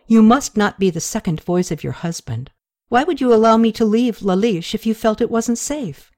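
An impatient young goddess presses everyone with sharp questions, read by a woman narrator. Her voice sits a touch higher and mellow, recorded close and dry. It is audiobook character reading. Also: expressive, normal speed, dry recording, lightly acted. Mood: indignant. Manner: pointed, exasperated questions.

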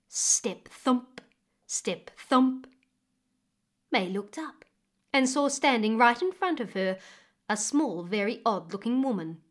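A woman narrating a fairy tale expressively with dramatic pauses, as a storyteller reading a book. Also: on the high side.

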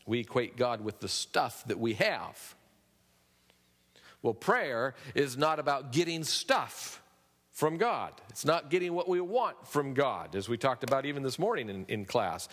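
Animated preacher in an echoing hall. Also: male voice, mid-range voice. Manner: lively preaching, rising emphatic peaks, asides to the congregation. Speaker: pastor. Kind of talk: sermon. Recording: long reverb of a large hall.

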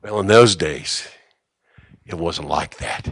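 A middle-aged man preaching a sermon in a church, moving from quiet asides to shouting and joking with the congregation. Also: low voice, slow pace, pauses often, husky, no echo, clean studio sound. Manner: jokes with the congregation. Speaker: pastor. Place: church sanctuary.

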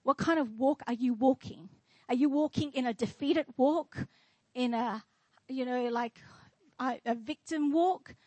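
A woman's voice: high voice, unhurried, a little mellow, no echo, poor audio. A woman pastor preaching a sermon in church, declaring and asking the congregation questions.

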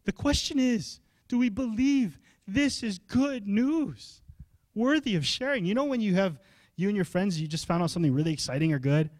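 A young adult male pastor, preaching a sermon in an animated, conversational way and asking the congregation questions. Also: sits high, normal speed, dry recording, studio quality.

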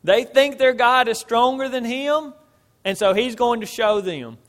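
Pastor, male, high voice, emphatic delivery, loud-soft swings, reverberant hall. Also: unhurried. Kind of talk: sermon.

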